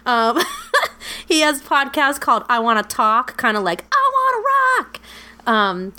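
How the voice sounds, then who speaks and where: A woman's voice: a little high, animated, a little slow, bright, forceful tone, smooth. A woman co-hosting a podcast, chatting casually and rambling, swearing freely and laughing often. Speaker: podcast co-host. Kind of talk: casual podcast outro chat.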